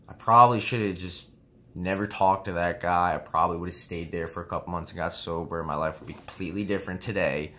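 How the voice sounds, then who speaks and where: A vlogger in his twenties, with a low voice and a bright, forceful tone, tells a personal story in a casual, rambling way. He swears now and then and keeps saying "you know what I mean."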